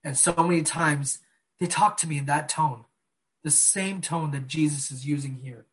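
A man preaching a sermon, earnest, slowing down and dropping soft on key phrases. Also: on the high side. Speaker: pastor.

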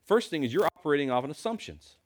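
A man's voice: on the high side, big pitch swings, fast, darkish tone. A man preaching a sermon in a church, talking to his congregation in a conversational way with lots of rhetorical questions.

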